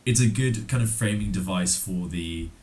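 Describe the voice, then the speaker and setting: Deep voiced guy chilling on a podcast, recapping a comic, um um like. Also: normal speed. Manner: relaxed, lots of ums and likes. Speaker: podcast co-host. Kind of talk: casual comic-book recap.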